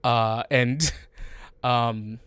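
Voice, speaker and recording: A man's voice: medium pitch, steady tone, drawn-out words, a bit bright, smooth, no echo. Male game master, casual rambling narration, dry close mic. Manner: rambling, many fillers and restarts, laughs often.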